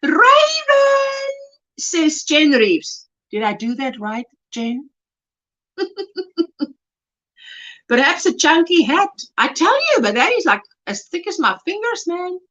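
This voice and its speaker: A woman from South Africa hosting a casual crochet livestream, chatty and animated, gushing over yarn and reading viewer comments aloud. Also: sits high, slow, pauses often. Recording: dull lo-fi livestream audio.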